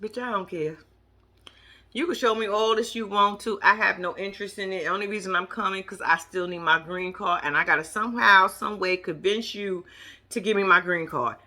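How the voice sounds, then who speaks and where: A woman quoting a blunt, demanding male reality-show groom in a flat, dismissive, insistent way. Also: mid-range voice, brisk, voice pushed down.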